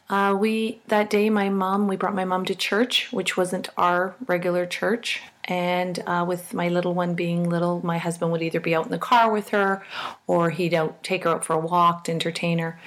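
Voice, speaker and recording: A middle-aged woman telling a personal story in an earnest, halting way, with fillers and restarts. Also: fairly low pitch.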